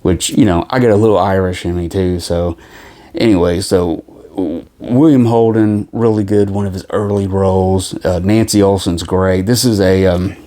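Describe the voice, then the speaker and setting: A man's voice: deep voice, fairly even intonation, moderate pace, mellow. A man casually reviewing movies from his collection, rambling with lots of fillers and restarts. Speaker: film collection vlogger.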